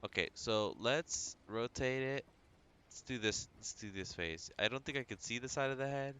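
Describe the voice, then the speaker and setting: A man on a livestream talking through his drawing steps in a relaxed, chatty way, thinking aloud and humming to himself at a home computer. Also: medium pitch, moderate pace, smooth. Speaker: livestreaming artist. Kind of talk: casual tutorial narration while drawing.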